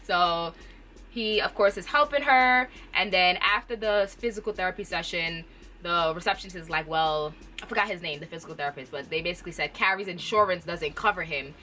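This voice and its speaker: Bright-voiced woman recapping a TV episode. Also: lowish voice, fairly quick, slight background noise. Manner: chatty, laughs often, fills with "like". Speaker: TV show reviewer. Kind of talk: casual recap chat.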